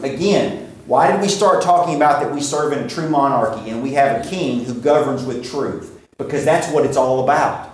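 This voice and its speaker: Guy preaching, asks stuff then answers it, slows way down on the big points, huge echoey church hall. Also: medium pitch, darkish tone. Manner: asks the crowd questions and answers them, slows down to stress points. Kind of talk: sermon.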